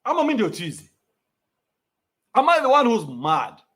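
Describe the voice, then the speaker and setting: A Kenyan man rants on his podcast in a high voice that bounces all over the place. He mocks freely, swears often and slides between street slang and English. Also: normal speed. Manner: animated, mocking, swears freely, mixes Sheng with English. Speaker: podcast host. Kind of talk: ranting commentary.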